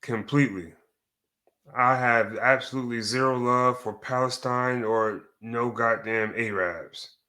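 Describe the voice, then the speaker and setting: A man's voice: mid-range voice, steady tone, measured pace, pushed and bright. A man giving a heated, profane reaction rant as a commentator, cursing and restarting his sentences as he goes.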